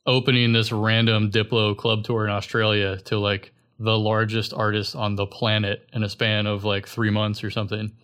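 A man's voice: lowish voice, little pitch movement, moderate pace, hardly any pauses, a bit bright. A young man chatting casually as a podcast guest, rambling loosely with lots of filler words. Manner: rambling, filler-heavy, laid-back. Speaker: guest musician.

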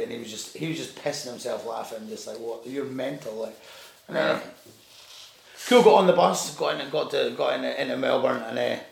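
A man telling a rambling anecdote in casual chat, swearing and acting out the people in it. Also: medium pitch. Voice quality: gravelly. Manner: rambling, restarts, swears, acts out voices in anecdotes. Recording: echoey room.

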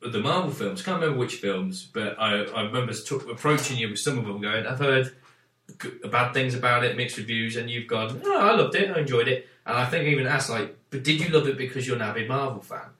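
A man co-hosts a casual film review chat in a bright, forceful voice. He asks questions and often stammers at the start of his sentences. He sounds distant from the mic, in a room with a clear echo. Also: medium pitch, brisk, slight background noise. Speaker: podcast co-host. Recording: echoey room, away from the mic.

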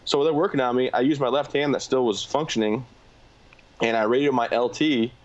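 A man's voice: medium pitch, fairly even intonation, dull audio. A man, a combat veteran guest, telling his story candidly in a plain-spoken way. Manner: fast, plain-spoken, filler-heavy.

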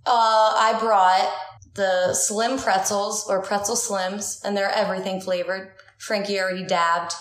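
A woman's voice: mid-range voice, flat delivery, a little slow, a bit bright, roomy sound, low-quality recording. A young woman co-hosting a casual podcast at home, chatty and teasing. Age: young adult. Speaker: podcast co-host. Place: living room couch at home.

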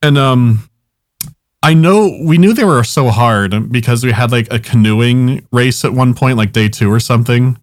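Young man, podcast storyteller, rambling, swears a lot, mid pitch, dry close sound. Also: normal speed, no echo. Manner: rambling, swears often, laughs at his own stories. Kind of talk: casual storytelling chat.

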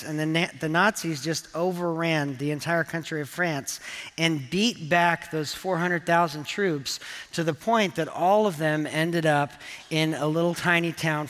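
A man's voice: on the high side, pushed and bright, in a large hall. A man preaching a sermon as pastor, earnest and conversational with touches of humor. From England. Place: church auditorium.

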